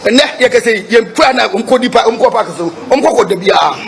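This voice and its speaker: Very high-voiced Ghanaian man, emphatic. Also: lively intonation, fast talker, gravelly, a little hiss or hum. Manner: emphatic, switches between Twi and English, repeats himself. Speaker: football club supporter. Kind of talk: press statement to reporters.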